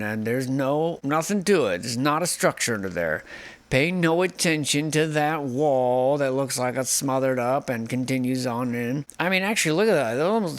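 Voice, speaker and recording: A man hosting casual, sarcastic commentary on photos of buildings, speculating as he goes. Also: medium pitch. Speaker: host.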